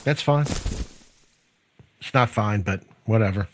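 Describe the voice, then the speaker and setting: A man playing a tabletop game, excitable and swearing freely as he describes his moves. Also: fairly low pitch, a little slow, a crowd in the background. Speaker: player. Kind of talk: tabletop game play, casual chat.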